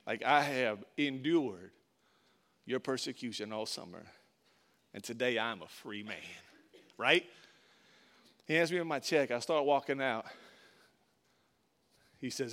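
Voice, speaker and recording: Animated storytelling preacher, man. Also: medium pitch, measured pace, pauses often. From Florida. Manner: animated storyteller, acts out quotes, big swings in loudness. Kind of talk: sermon storytelling.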